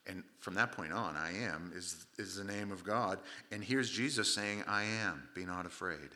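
Bright-voiced joking male preacher. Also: sits low, normal speed. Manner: conversational and humorous, acting out voices, frequent restarts. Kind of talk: sermon.

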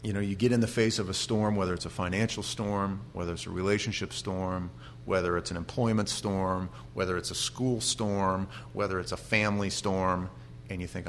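A male pastor giving an animated sermon with humorous stories and frequent restarts. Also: low-pitched, moderate pace, a little hiss or hum.

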